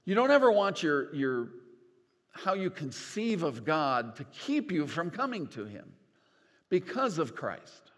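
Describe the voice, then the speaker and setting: Older pastor preaching with lively, folksy warmth. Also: male voice, a little high, measured pace. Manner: animated, folksy, self-deprecating humor. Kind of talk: sermon. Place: church sanctuary. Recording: long church reverb.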